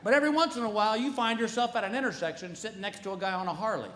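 Animated self-mocking male comedian, echoey stage. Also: high voice, very fast, a little hiss or hum. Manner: animated, self-mocking, laughing at his own jokes. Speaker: stand-up comedian. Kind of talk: stand-up storytelling.

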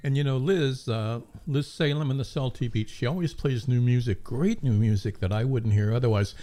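A man's voice: mid-range voice, moderate pace, mellow. A man hosting a community radio show, chatting in a friendly, enthusiastic way into a studio microphone. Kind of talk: casual radio chat.

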